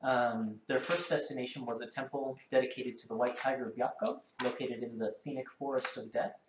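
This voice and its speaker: A man hosting a tabletop game stream as dungeon master, talking quickly with lots of ums and uhs. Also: mid-range voice, steady tone. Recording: roomy sound with clear background noise.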